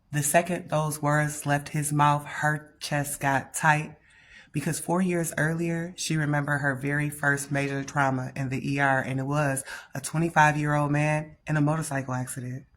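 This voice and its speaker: Low-voiced woman telling a spooky story. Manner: lively and expressive, talks straight to the listener. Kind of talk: dramatic scary story narration.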